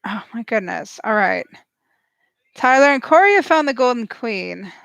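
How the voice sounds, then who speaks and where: A woman giving snarky, excitable live reaction commentary as she watches a show and cheers at the screen. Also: on the high side, normal speed, vocal fry, no echo. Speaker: show recap host.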